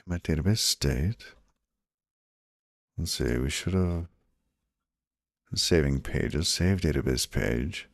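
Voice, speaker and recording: A man's voice: rumbling low, slow, creaky, long pauses, no echo, studio quality. A man streaming himself coding, thinking aloud casually as he debugs, muttering and trailing off as he talks to viewers. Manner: muttering to himself, trailing off, chatting to viewers between code reads. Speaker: programmer live-streaming his coding.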